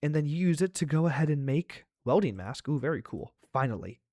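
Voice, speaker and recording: A man playing a game aloud, reading it out with playful chatter, gasps and quick reactions. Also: on the high side, expressive, a little mellow, no echo, studio quality. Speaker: let's play host.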